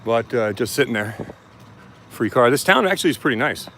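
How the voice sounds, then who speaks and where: This First Amendment auditor talks a little fast in a bright, forceful, expressive medium-pitched voice. Live-streaming outdoors with a handheld camera, he walks around a police station chatting casually and greeting viewers by name, with slight background noise.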